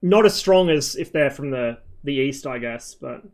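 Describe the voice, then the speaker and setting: A man's voice: medium pitch, lively intonation, moderate pace. A man streaming a flight game, chatting in a loose, rambling way with frequent swearing and plenty of ums. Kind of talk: casual rambling stream chat.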